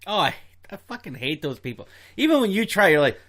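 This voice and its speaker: A man's voice: high voice, big pitch swings, fairly quick, a bit bright. A man co-hosting a podcast in casual chat, easygoing and chuckling as he asks questions. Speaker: podcast co-host.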